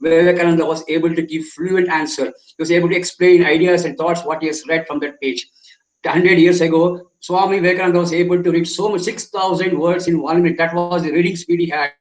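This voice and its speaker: A man's voice: on the high side, fairly even intonation, fairly quick, reverberant, low-quality recording. A man, a memory trainer giving an online webinar lecture, who repeats his phrases and keeps asking the audience questions. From India.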